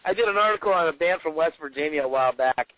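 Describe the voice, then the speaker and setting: A man's voice: fairly high pitch, animated, quick pace, a little hiss or hum. A man, the author guest, chatting casually and reading excerpts aloud with folksy, rambling asides. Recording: dry tinny phone-like line.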